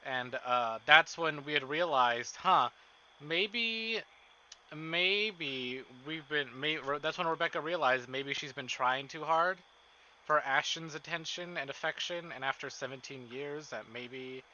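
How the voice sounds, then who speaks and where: A man streaming a visual novel, chatting casually with his chat, excitable and swearing often. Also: a little high, measured pace, lo-fi sound, a little hiss or hum. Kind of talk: casual live-stream chat and game reading.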